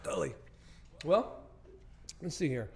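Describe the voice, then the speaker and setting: A man hosting a crude comedy podcast, telling stories loudly with lots of swearing and laughter. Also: a little high, sing-song, measured pace, husky. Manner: loud, profane storytelling, laughs often. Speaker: podcast host.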